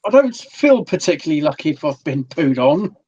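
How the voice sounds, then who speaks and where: A man chatting as a guest and making dry, wry jokes. His voice sits a little high. The sound is dull and muffled, like audio from a call. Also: very animated, fairly quick, darkish tone, slightly rough. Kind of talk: casual chat.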